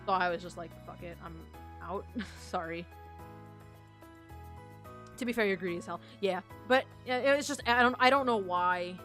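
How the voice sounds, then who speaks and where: A woman's voice: medium pitch, moderate pace, long pauses, a bit bright, faint music behind. A young woman livestreaming, chatting casually with viewers in a giggly, rambling, self-deprecating way. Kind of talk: casual stream chat.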